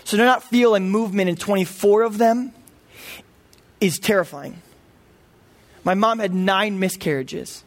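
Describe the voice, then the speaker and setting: A man's voice: high-pitched, unhurried, long pauses. A man in his thirties preaching a sermon, earnest and emphatic. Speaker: pastor.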